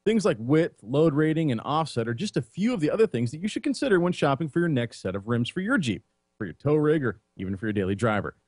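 A man's voice: a little high, sing-song, quick pace, a little mellow, husky, no room sound, clean studio sound. A man co-hosting a podcast, presenting a semi-scripted tech segment in an explanatory way.

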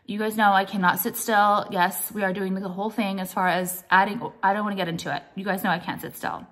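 A young American woman talks to her viewers in a loose, meandering show-and-tell. She strings her thoughts together with constant "like"s and casual swearing, and her pitch sits in the middle range. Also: flat delivery, fast talker, a bit bright. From United States. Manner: rambling, heavy use of "like", swears casually. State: pregnant. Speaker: vlogger showing purchases.

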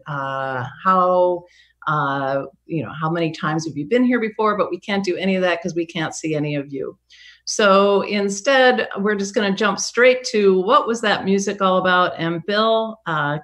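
A woman's voice: mid-range voice, fairly bright tone. Woman host, casual and hesitant, on a video call from home. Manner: hesitant, lots of fillers. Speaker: observatory curator and show host. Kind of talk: casual live-stream hosting.

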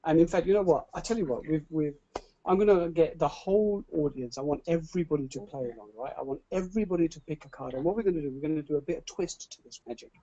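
A man hosting an online webinar, talking like a showman who stumbles over repeated words when he gets going. His voice sits a little high for a man but has a dark, mellow tone. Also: fast talker, lo-fi sound. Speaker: webinar host. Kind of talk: enthusiastic webinar presentation.

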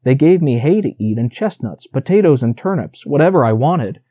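A man's voice: mid-range voice, lively intonation, moderate pace, mellow, breathy edge, dry recording. A man reading the part of a proud young male deer who boasts about his time with people, in an audiobook. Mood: boastful.

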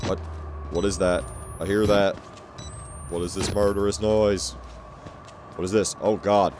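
A man with a low, deep voice talks through a horror game in let's play style. He swears freely and makes sarcastic quips. He keeps reacting with disgust at what he sees. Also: measured pace, pauses often, darkish tone, a little hiss or hum. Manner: sarcastic, profane, easily grossed out. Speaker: gaming video creator.

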